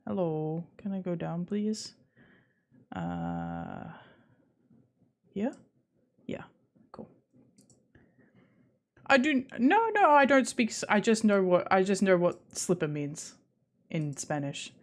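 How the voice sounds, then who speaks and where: A woman's voice: lowish voice, huge pitch swings, takes it slowly, pauses often. A young woman with an Australian accent, chatting casually with viewers on a live stream, rambling and restarting her sentences with giggles. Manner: rambling, self-interrupting, giggly.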